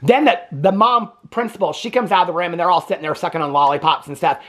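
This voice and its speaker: A man's voice: sits high, fast talker, a bit bright. A man giving a casual, gossipy recap of a movie as a reviewer, chatting with asides and laughs.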